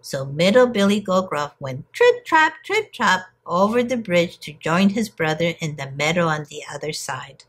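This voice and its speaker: A woman teacher reading a picture book aloud to young children in an expressive storytelling manner. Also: lowish voice, normal speed, hardly any pauses, husky.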